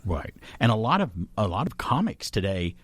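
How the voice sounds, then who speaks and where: A man hosting a podcast, chatty and quick to laugh, in casual conversation. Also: on the low side, big pitch swings, no room sound. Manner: chatty, laughs easily, many "right"s. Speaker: podcast host. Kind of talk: casual chat.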